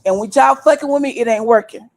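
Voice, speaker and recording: A woman's voice: on the high side, fast, a little mellow. A woman over thirty-five, host of a livestream, scolding her viewers bluntly and with a lot of cursing. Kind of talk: heated livestream rant. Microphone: desktop stream mic.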